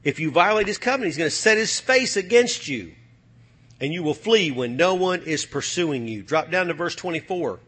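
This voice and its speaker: Forceful, bright-voiced male preacher. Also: on the high side, lively intonation, moderate pace, slightly rough. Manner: emphatic, rallying with repeated calls to the congregation; poses rhetorical questions to the congregation. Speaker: pastor. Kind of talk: preaching a sermon.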